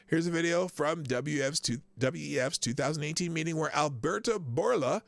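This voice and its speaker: A man hosting a live news commentary stream, excitable and sarcastic, often breaking into laughter. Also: a little high, normal speed, gravelly, dry recording. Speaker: host of a live news show.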